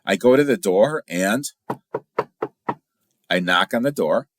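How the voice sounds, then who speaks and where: A middle-aged man from Illinois hosting a casual podcast as a firearms instructor, telling stories in a chatty, animated way with big jumps in pitch for emphasis. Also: takes it slowly, no echo, clean studio sound. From Illinois, USA.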